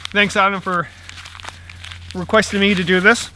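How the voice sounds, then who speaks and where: Out in the woods making tea over a little stove, a middle-aged man chats at a moderate pace in a high, level voice that sounds bright and forceful. Slight background noise accompanies his rambling camp-cooking talk, and he chuckles frequently.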